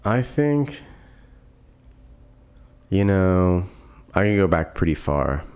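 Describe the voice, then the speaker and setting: Podcast guest: man in his 20s, very deep voice, easygoing, rambling storyteller. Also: takes it slowly, clear, resonant tone. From Florida. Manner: relaxed, rambling storyteller with laughs and fillers. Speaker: guest filmmaker. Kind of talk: casual podcast chat.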